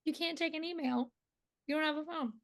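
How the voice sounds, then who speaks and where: A woman's voice: high voice, fairly quick, fairly bright tone. A woman with a Pittsburgh accent interviewing a guest, a self-described yapper who laughs easily and cuts her sentences short. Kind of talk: casual interview chat.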